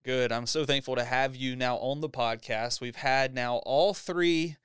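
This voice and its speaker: A man's voice: medium pitch, a little slow, a bit bright, clean tone, no room sound, clean studio sound. Upbeat man hosting a church podcast. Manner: upbeat, laughs often. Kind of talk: casual interview.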